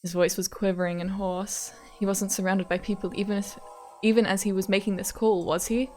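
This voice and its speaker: A woman streamer reads the game's text aloud at an even, mid-range pitch, slipping into casual, giggly asides between passages. Her tone is playful and unhurried, with easy repetitions and laughs folded into the narration. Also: soft background music. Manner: giggly, repeats words playfully. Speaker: streamer reading a visual novel aloud.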